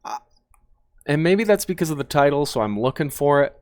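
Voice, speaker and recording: A man's voice: fairly high pitch, lively intonation, a little fast, background noise. A man and former police officer giving blunt, profane, analytical commentary on body cam footage.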